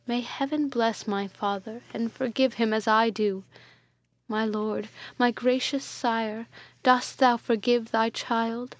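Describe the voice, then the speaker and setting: A woman voicing a gentle, pleading young princess in a gothic storybook reading. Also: a little high, steady tone, takes it slowly, no echo.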